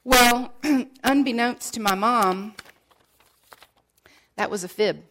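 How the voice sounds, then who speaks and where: A woman's voice: a little high, slow pace, fairly bright tone, a little hiss or hum. A middle-aged woman giving an emotional sermon, sharing her testimony earnestly and sometimes dropping almost to a whisper. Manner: earnest, drops to near whispers at painful moments.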